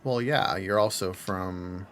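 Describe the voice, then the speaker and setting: A man's voice: deep voice, slow, fairly bright tone, slight background noise. A man from the UK hosting a casual gaming chat with friends, offhand and chatty. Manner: offhand, says things in put-on accents. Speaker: channel host.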